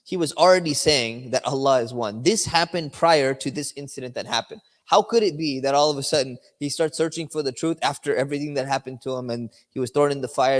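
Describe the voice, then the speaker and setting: A man giving a religious lesson in a conversational, explaining manner, checking in with his listeners as he goes. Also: mid-range voice. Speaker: religious teacher. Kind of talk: religious lecture. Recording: long hall reverb.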